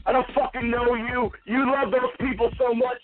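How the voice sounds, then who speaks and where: Man, high voice, furious profane rant, tinny phone-like audio, faint music behind. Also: fairly even intonation, normal speed. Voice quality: heavy swearing, combative. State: drinking. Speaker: live stream radio host.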